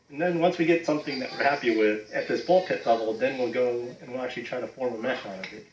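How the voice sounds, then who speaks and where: A man's voice: mid-range voice, fast talker, hardly any pauses, a little hiss or hum. A man, an effects artist, casually explaining a technical process with frequent asides. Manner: casual, filler-heavy, "you know" asides. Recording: roomy echo.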